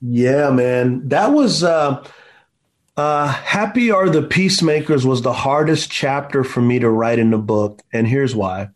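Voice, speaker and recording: A man's voice: medium pitch, lively intonation, measured pace. A man in his forties, an author being interviewed, telling stories in an emphatic, preacher-like way and often saying "man". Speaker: author and guest. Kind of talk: impassioned storytelling in an interview.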